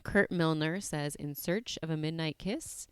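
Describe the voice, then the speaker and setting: A woman's voice: sits low, a little slow, smooth, dry recording, clean studio sound. A woman co-hosting a casual movie podcast, chatty and giggly as she reads listener picks. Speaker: podcast co-host.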